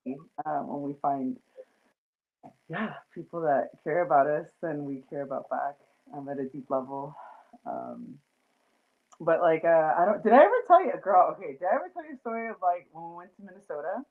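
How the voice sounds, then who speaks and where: Woman host, low-ish voice, rambling fillers, phone-line sound. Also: very animated, fairly quick. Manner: chatty, lots of fillers and laughter. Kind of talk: casual chat.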